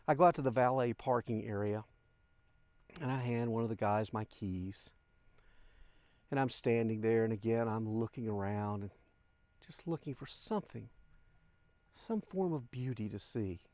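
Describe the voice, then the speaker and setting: A man's voice: fairly low pitch, moderate pace, pauses often, a little mellow, dry recording. Older man telling a heartfelt story. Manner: heartfelt, addresses listeners as folks. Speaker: channel host. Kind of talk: personal storytelling.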